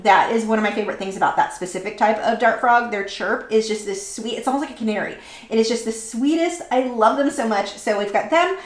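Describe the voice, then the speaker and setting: A woman in her thirties telling stories in casual chat while painting live, rambling with lots of fillers and restarts. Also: medium pitch. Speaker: artist hosting a live painting stream. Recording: echoey room.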